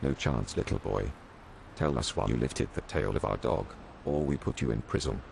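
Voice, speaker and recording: A man voicing an angry, bullying male policeman who barks insults and threats in a gruff, low voice. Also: moderate pace, background noise, exaggerated voice.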